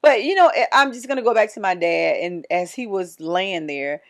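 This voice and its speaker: A woman's voice: mid-range voice, expressive, normal speed. A woman in her forties co-hosting a podcast, talking in a casual, earnest and reflective way, often restarting her sentences. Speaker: podcast co-host. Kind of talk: casual chat.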